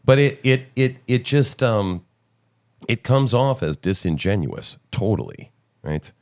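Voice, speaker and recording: A man's voice: on the low side, sing-song, a little slow, darkish tone. A man hosting a podcast in a casual, sarcastic, incredulous commentary style. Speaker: podcast host.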